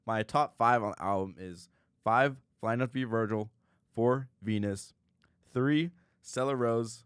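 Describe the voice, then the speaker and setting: A man's voice: mid-range voice, measured pace, smooth, no echo, clean studio sound. A young man co-hosting a podcast, chatting casually with short replies and jokes. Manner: short reactions and joking banter. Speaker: podcast co-host. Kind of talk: casual chat.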